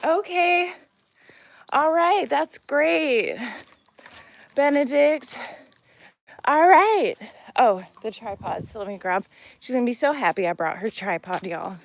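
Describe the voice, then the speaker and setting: A woman's voice: sits high, slow pace, vocal fry, pauses often. A woman live-streaming a casual vlog from her off-grid cabin and homestead, chatting to viewers and calling them y'all as she moves around. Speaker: vlogger, homestead channel co-host.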